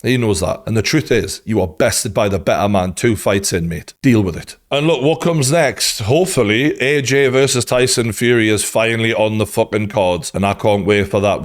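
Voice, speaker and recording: A man with a Geordie accent giving a blunt, sweary, passionate boxing reaction monologue as host. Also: fairly low pitch. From North East England. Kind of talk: casual opinionated reaction monologue.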